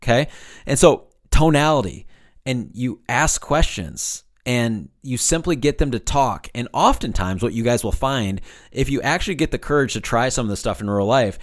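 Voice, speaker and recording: Man, podcast host, sales coaching, direct, energetic, mid pitch. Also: moderate pace. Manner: energetic, direct, frequent "okay?" and "right?" check-ins. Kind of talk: solo coaching talk.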